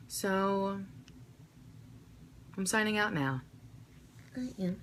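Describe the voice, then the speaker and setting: A woman's voice: mid-range voice, animated, normal speed, long pauses, pushed and bright. A young woman vlogging to her viewers in an emotional, heartfelt way, swearing freely and urging them to love themselves. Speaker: vlogger answering viewer questions. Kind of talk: emotional direct-to-camera vlog.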